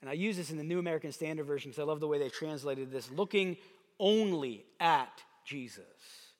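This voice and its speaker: A man's voice: fairly high pitch, brisk. A man preaching a sermon as pastor, reading scripture aloud with emphatic delivery. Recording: long hall reverb.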